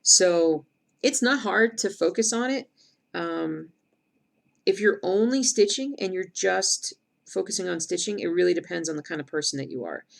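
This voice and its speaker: Middle-aged woman, streamer, heavy vocal fry, chatty and rambling, casual live-stream chat. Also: fairly low pitch, normal speed. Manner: chatty, rambling, answers viewer comments aloud. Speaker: cross-stitch streamer.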